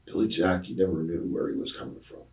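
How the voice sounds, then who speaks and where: Deep-voiced older man telling wrestling stories. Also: flat delivery, quick pace, darkish tone, distant mic, low-quality recording. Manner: rambling anecdotes with many fillers, acting out quoted voices. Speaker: retired pro wrestler, interview guest. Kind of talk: casual storytelling interview.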